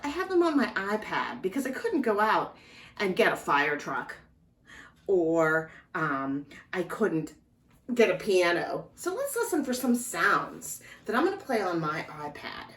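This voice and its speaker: A woman giving a slow, gentle lesson to young children as a librarian, talking straight to them. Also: lowish voice, very animated, recorded from a distance. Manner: slow, gentle, speaking directly to small children. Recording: echoey room, voice a bit off-mic. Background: clock ticking.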